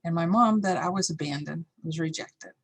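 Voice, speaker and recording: A woman's voice: lowish voice, normal speed, husky. A middle-aged woman teaching a course, telling a candid, reflective personal story and acting out the voices in it. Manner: candid, reflective, acts out yelled lines.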